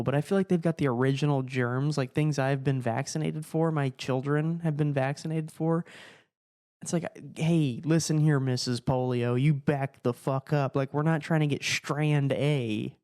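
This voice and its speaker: A young man talks through a loose comedic podcast monologue, jumping from one thought to the next and cursing along the way. His voice is mellow and relaxed, and he keeps cutting himself off mid-sentence. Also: a little high. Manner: rambling, profane, self-interrupting, laughing at his own jokes. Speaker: podcast host.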